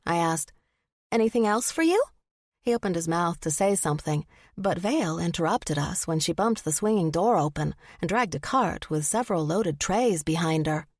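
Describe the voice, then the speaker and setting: Woman, audiobook narrator, lowish voice, dry close mic. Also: no echo. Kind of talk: first-person audiobook narration.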